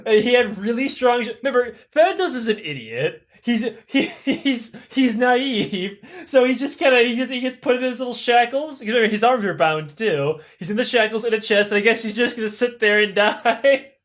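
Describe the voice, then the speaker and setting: A podcast host tells stories for laughs, swearing constantly and rambling. His voice runs high for a man. He talks in a loose, casual way. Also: normal speed, few pauses. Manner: profane, rambling, animated. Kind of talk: comedic storytelling.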